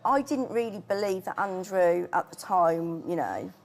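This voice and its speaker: A middle-aged woman, a guest telling a painful personal story in a halting, emotional way. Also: on the low side, animated, vocal fry. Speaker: interview guest.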